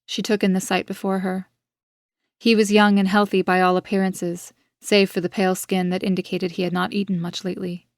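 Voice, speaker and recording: A woman author reading her own gothic story in an even, measured narration. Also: medium pitch, dry recording, studio quality. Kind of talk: scripted audiobook narration.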